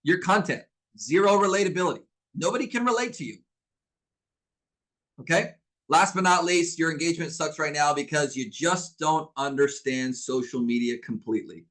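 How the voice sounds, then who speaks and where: A man's voice: on the high side, moderate pace, rough recording. A middle-aged man coaching a live online masterclass, blunt and emphatic, calling on viewers to answer back like a preacher. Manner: energetic, preacher-like call-and-response; blunt and emphatic, repeats himself. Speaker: business coach.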